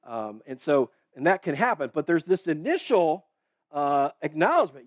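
A pastor preaches in a fairly high, sing-song male voice at a moderate pace, with no echo. He reads verses and talks about them casually, like a conversation, dropping in "right?" and "okay?" along with plenty of fillers and restarts.

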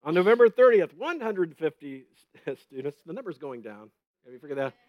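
A man's voice: fairly high pitch, sing-song, brisk, no echo, phone-quality sound. A man giving a conversational Bible teaching, telling stories with gusto and often checking in with "right?". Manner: chatty, keeps asking "right?", retells stories with gusto; laughs at his own stories.

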